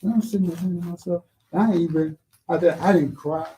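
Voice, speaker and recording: A man's voice: high-pitched, steady tone, fast talker, mellow, a little hiss or hum, low-quality recording. A man on a podcast telling a personal story in a blunt, profane, drawling way. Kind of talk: casual storytelling chat. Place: live podcast studio.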